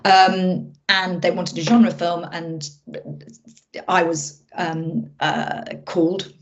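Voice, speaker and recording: A woman film director being interviewed, chatting casually and telling stories in an animated way, often restarting her sentences. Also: lowish voice, slow. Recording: muffled lo-fi audio.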